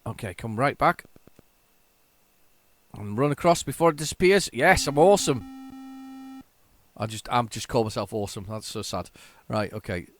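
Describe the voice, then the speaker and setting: A man giving casual, excitable, self-mocking commentary while playing an old computer game. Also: lowish voice, moderate pace, a little hiss or hum. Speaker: retro game tape reviewer.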